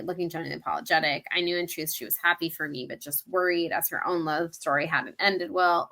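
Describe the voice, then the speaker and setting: A woman chats casually on a podcast, filling her talk with "like" as she retells scenes and reads bits of a book aloud. Her voice is bright and sits a little low, with a forward edge. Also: fairly quick, few pauses. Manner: chatty, many "like"s, reads quotes aloud. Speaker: podcast co-host. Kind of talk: casual book-recap chat.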